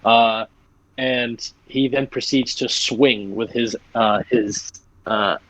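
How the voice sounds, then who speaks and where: A man's voice: medium pitch, fairly even intonation, slow, a bit bright, no echo, poor audio. A young man acting as game master, narrating casually and rambling with many fillers and restarts.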